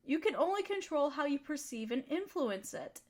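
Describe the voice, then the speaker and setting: A young woman in a whispered role-play, talking in a gentle, affectionate and teasing way. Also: sits high, lively intonation, moderate pace. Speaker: audio role-play performer.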